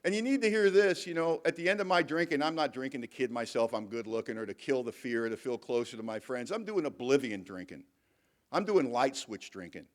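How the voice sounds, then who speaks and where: In a convention hall, a middle-aged AA speaker gives a candid, emphatic recovery talk, telling his own story with self-mocking humor. His voice is medium-pitched, animated and brisk.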